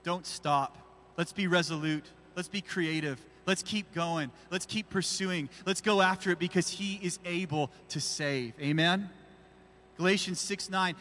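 A man's voice: fairly high pitch, normal speed, fairly bright tone. A man preaching a sermon as pastor, pressing his point with emphatic, repeated rhetorical questions. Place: church. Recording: reverberant church hall.

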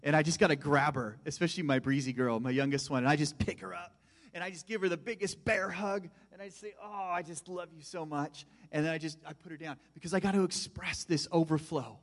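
A middle-aged man preaching a sermon, animated, moving between loud emphasis and hushed asides. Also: a little high, quick pace. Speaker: pastor. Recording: long hall reverb.

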